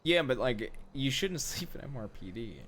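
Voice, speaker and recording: Laid-back man, lively pitch, faint hiss under a game stream mic. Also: normal speed. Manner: laid-back, mumbling, self-deprecating. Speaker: streamer, roleplay player. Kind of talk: casual in-character roleplay chat.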